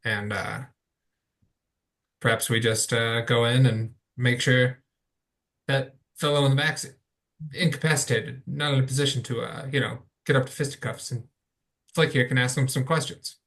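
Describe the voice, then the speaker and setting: A man at a tabletop game laying out a plan in a measured, courteous way. He speaks at a middle pitch. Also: fairly even intonation, a bit bright. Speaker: tabletop player. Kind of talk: casual tabletop chat.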